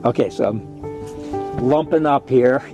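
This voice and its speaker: A man telling a personal story in a halting way, with many pauses and fillers. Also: mid-range voice. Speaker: interviewee, nomad. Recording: guitar music playing underneath. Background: guitar music.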